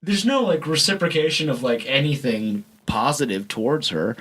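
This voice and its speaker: A man's voice: mid-range voice, animated, normal speed, fairly bright tone, husky. A man hosting a casual podcast chat, ranting with exasperation and plenty of swearing. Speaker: podcast host.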